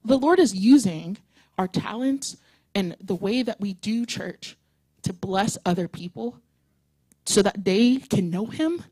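A woman's voice: mid-range voice, unhurried, breathy edge, no room sound, low-quality recording. Bubbly woman worship leader, dry sound. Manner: bubbly, excitable, chatty. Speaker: worship leader giving announcements. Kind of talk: church announcements and closing prayer. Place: church service.

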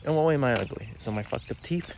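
A young man talks very fast at a medium pitch as he walks outside vlogging to camera. He rambles, confesses, mocks himself, and swears plenty, all in a muffled outdoor recording with loud noise around him.

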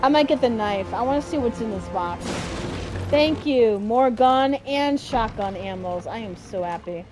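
A young woman streaming a horror game, trash-talking enemies with constant swearing and excitable reactions. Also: fairly high pitch, measured pace. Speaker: gameplay streamer. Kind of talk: live game commentary. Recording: game music playing behind.

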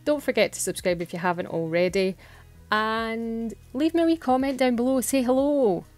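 A woman's voice: fairly high pitch, moderate pace, darkish tone, no echo, faint music behind. Giggly Scottish woman vlogger. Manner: chatty, giggly, self-deprecating. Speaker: nail art vlogger. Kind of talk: casual tutorial narration.

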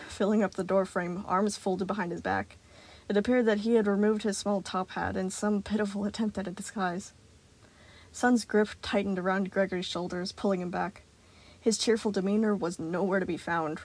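A woman narrating a fan fiction story in a calm, even voice. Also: medium pitch, moderate pace.

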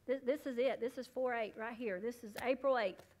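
A woman pastor preaching a sermon in church, calling out to the congregation and rising to loud, fervent peaks. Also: fairly high pitch, fairly quick. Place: church sanctuary.

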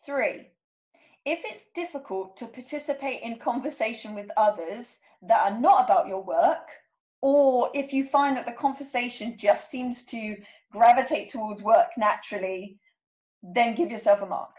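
A woman coach leads a workshop, her voice sitting a little high. She reads out numbered statements one by one and keeps checking in with "okay?". The recording sounds muffled and lo-fi. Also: moderate pace, darkish tone. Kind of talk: workshop talk.

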